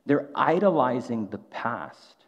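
A man's voice: mid-range voice, very animated, slow. A man preaching a sermon in a casual, conversational way, often tossing in a rhetorical "right?". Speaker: pastor. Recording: long hall reverb, dull lo-fi sound.

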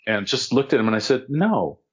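A man's voice: lowish voice, fast talker, muffled recording. A man casually telling a story about his acting career, acting out the other people's lines. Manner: animated, acts out quotes of others.

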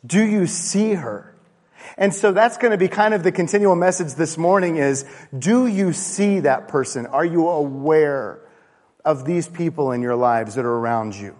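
A man's voice: on the high side, normal speed, darkish tone. A man preaching a conversational sermon with rhetorical questions and playful asides in a church. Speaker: pastor. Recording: long reverb of a large hall.

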